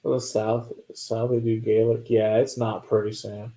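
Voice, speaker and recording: A man's voice: lowish voice, little pitch movement, moderate pace, dark tone. A man hosting a whiskey livestream, chatting casually with viewers, answering their comments and laughing often.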